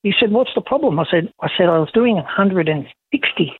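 Man, phone-in caller, tinny phone line, dry sound, lively storytelling. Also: high voice, a little fast, slightly rough, no echo. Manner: animated storyteller acting out quoted voices.

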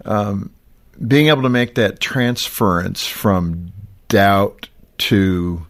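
A man with a lowish voice hosts a faith talk show. He asks probing questions, filling pauses with "uh" and "um". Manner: warm-paced, probing questions with fillers. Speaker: host.

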